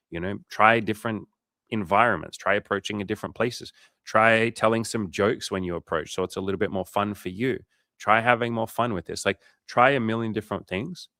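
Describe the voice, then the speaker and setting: A man running a coaching livestream in a fired-up, swearing, casual way. His voice sits fairly low, and the sound is close and dry with no room around it. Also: sharp tone, no echo. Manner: casual, profane, fired-up and emphatic. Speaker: dating coach.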